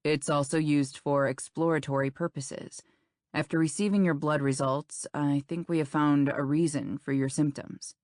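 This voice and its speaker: A woman reading an audiobook, voicing a calm, reassuring male doctor in a soothing, matter-of-fact way. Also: a little high, normal speed, dry recording, clean studio sound, close to an everyday voice.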